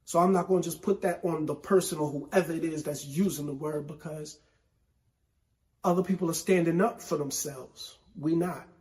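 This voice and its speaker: A man from New York City hosting a solo hip hop show, with a New York accent, talking slowly and emphatically in casual commentary. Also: fairly high pitch, darkish tone. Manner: slow, emphatic, conversational with repetition. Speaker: podcast host.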